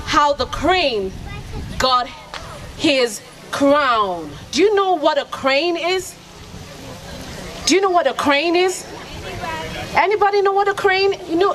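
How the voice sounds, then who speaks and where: A woman from Nigeria, a storyteller and radio host, telling a children's story with lively call-and-response. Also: very high voice, normal speed, rough recording. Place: outdoor festival kids' area. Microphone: handheld microphone. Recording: outdoor crowd noise in background.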